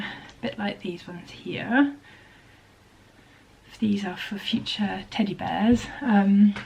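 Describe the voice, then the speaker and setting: A woman chatting casually in a home vlog about her sewing, speaking softly and often half-whispering, with many hesitant ums. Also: mid-range voice, slightly rough, highs cut off. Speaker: vlogger and maker of teddy bears. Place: home workspace at a sewing desk.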